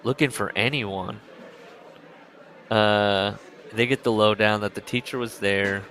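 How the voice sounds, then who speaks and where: A man's voice: lowish voice, fairly even intonation, unhurried, a bit bright. A man co-hosting a casual book-club podcast, reading passages aloud and mocking them with frequent laughter. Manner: sarcastic, mocking, laughs often. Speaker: podcast co-host.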